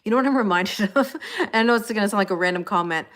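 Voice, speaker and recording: Talking fast in a mid-range, slightly bright voice, a Canadian woman hosts a live tarot stream. She reads out what viewers write and reassures them in casual chat, with plenty of "you know?".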